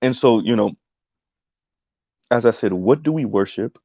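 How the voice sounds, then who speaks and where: A man's voice: mid-range voice, lively intonation, unhurried, warm tone, no room sound, highs cut off. A man giving casual livestream commentary on a video essay, rambling with many ums and tagging his points with "right?". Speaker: streamer reacting to a video essay.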